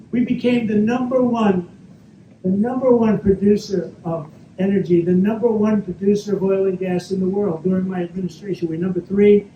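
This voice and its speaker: A man giving an off-the-cuff Q&A speech as a politician, talking in a repetitive, boastful, rambling way full of asides. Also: sits high. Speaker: politician answering audience questions. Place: event hall at a private club, live audience. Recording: echoey, dull audience recording with faint noise.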